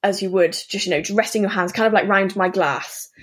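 A woman, an interview guest, telling a personal story in an earnest, halting way full of asides. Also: mid-range voice, fairly even intonation, slightly rough.

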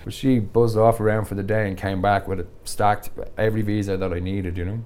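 A man, a podcast guest telling travel stories in a casual, animated way and laughing often. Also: deep voice, fast, few pauses, a little hiss or hum. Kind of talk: casual storytelling.

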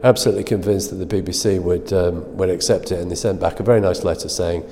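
A man's voice: low voice, steady tone, fast, mellow, long reverb tail. A middle-aged man telling self-deprecating stories as an interview guest, laughing at himself as he goes. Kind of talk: anecdotal storytelling.

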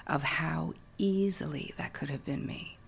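A woman's voice: low voice, a little slow, creaky, breathy edge, in a whisper. A middle-aged woman telling a personal story as an interview guest, frank and self-deprecating. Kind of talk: candid storytelling.

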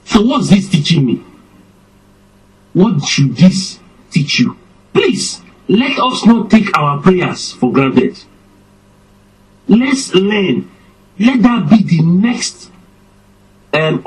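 A man preaching a sermon, slow and emphatic, his voice swinging up and down for effect. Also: high voice, sing-song, slightly rough, low-quality recording.

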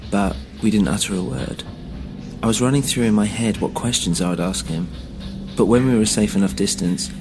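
A man narrating a dark first-person story in a measured, grave way, with dramatic pauses. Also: on the low side, noisy background. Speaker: narrator and podcast host.

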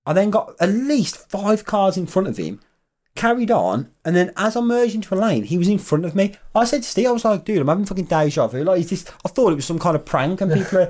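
A young man co-hosting a podcast, high-voiced and fast, tells stories in casual chat. He's animated and swears freely throughout.

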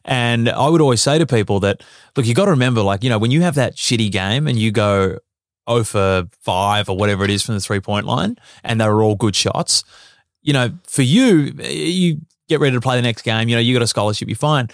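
A young Australian man on a casual podcast, telling lively stories, swearing freely and laughing often. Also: mid-range voice, a little fast, no room sound, clean studio sound. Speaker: podcast guest, former basketball player.

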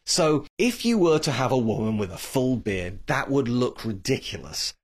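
A man talking in a casual, opinionated monologue, his pitch swinging up and down as he makes his points. He is blunt and waves away the views he dislikes, with a middle-pitched voice. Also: big pitch swings, moderate pace, noisy background. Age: adult, grew up reading Tolkien. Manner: blunt, opinionated, dismissive asides. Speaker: TV series commentator.

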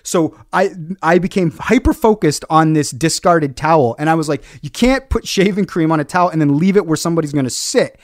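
A man's voice: fairly high pitch, fairly quick, hardly any pauses, no room sound, clean studio sound. A man on a podcast, telling a long story in casual chat with lots of fillers and restarts. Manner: rambling, many fillers and restarts. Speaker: podcast co-host.

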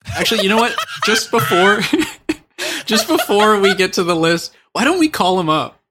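A man's voice: sits high, animated, moderate pace, very noisy. A man co-hosting a comedy podcast, making wry, laughing asides. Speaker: podcast co-host.

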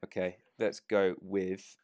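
A man runs a tabletop game and narrates the scene in a loose, casual way, stopping often with fillers. His voice sits low. The sound is dry and close. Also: little pitch movement, a little mellow, no echo. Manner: casual, with fillers and quick rulings. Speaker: game master.

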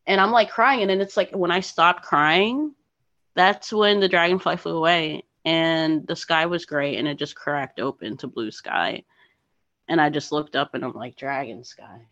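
Woman guest from New Jersey, animated storyteller, dull dry lo-fi audio. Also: deep voice, normal speed, no room sound. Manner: animated, emotional storyteller with lots of "like" and "you know". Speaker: podcast guest, thru-hiker. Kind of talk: storytelling in a casual interview.

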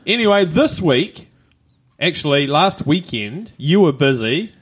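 A man's voice: fairly high pitch, big pitch swings, a little slow, husky. A man co-hosting a podcast, teasing his friend with dry jokes. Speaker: podcast co-host. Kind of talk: casual chat.

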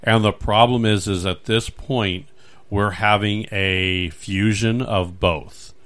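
A man hosting a podcast, chatting casually in a rambling, animated way with many restarts. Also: on the low side, slow pace. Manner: rambling, animated, acts out little scenes. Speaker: podcast host. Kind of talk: casual chat.

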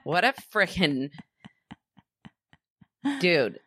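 A woman's voice: lowish voice, animated, very slow, a bit bright, no echo, clean studio sound. A woman co-hosting a podcast, chatting casually and teasing playfully. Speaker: podcast co-host. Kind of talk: casual chat.

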